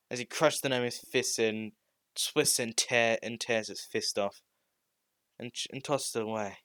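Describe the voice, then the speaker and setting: A man's voice: medium pitch, steady tone, normal speed, fairly bright tone, no echo. A man narrating an improvised fan story in a rambling way, with frequent restarts and "well"s.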